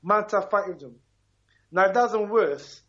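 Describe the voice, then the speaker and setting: Calling in to a radio talk show, a man from Ghana in his fifties argues with passion and emphasis, checking in with "right?" again and again. He has a high, somewhat bright voice and speaks a little slowly, heard through a muffled recording.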